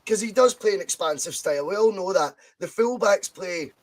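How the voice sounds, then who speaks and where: A man's voice: sits high, expressive, a little fast, rough recording. A man hosting a casual football podcast, chatty and swearing freely. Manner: chatty, swears freely, reads quotes aloud. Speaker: podcast host.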